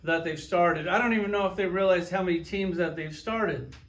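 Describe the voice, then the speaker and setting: A man's voice: high-pitched, a little fast, fairly bright tone. A man reviewing collectible action figures in a casual vlog, sarcastic and profane, spinning little stories with acted-out quotes. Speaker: toy reviewer.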